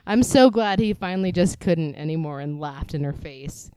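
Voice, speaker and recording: A woman's voice: deep voice, animated, dark tone, smooth, no room sound, poor audio. A woman co-hosting a casual podcast, joking crudely and swearing freely. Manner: bawdy, swears freely, quick to laugh. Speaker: podcast co-host. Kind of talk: casual comedic podcast chat.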